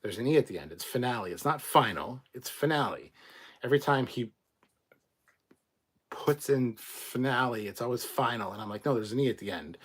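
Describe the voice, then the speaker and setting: A man's voice: medium pitch, expressive, moderate pace, breathy edge. A man from Canada reading out viewer comments in a casual live chat, blunt and rambling, swearing freely.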